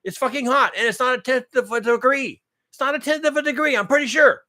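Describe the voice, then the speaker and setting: At a quick pace, the host of his own channel rants about the news, sarcastic and full of profanity. He alternates low mutters with loud outbursts and repeats phrases for emphasis.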